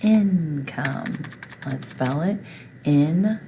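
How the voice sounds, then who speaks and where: Slow, patient woman teaching phonics. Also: low voice, animated, warm tone, a little hiss or hum, poor audio. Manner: slow, patient, prompting listeners to repeat. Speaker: reading and spelling teacher. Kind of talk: slow phonics lesson, say-and-spell drills.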